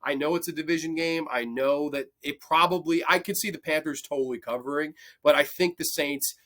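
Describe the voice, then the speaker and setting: Talking fairly quickly in a slightly high, slightly bright voice, a young man runs a football picks show. He keeps the betting talk casual, profane, and full of passionate rants.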